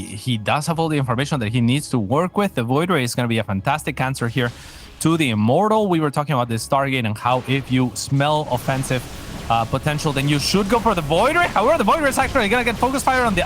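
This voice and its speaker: A man casting a live strategy game match, analytical and animated, often restarting his sentences. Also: a little high. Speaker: esports caster.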